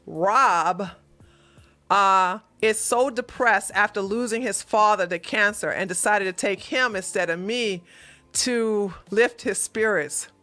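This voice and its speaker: A woman's voice: mid-range voice, takes it slowly, bright, forceful tone, soft background music. A woman hosting a relationship advice livestream, reading out a viewer's question and answering bluntly with sassy, mocking remarks.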